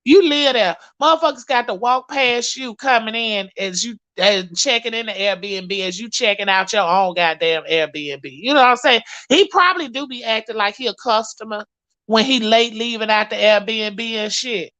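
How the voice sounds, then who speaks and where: Woman gossip vlogger, AAVE, bright punchy voice, dry close recording, profane and sassy. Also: a little high, normal speed, no echo. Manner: sassy, profane, animated storytelling. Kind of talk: casual commentary to viewers.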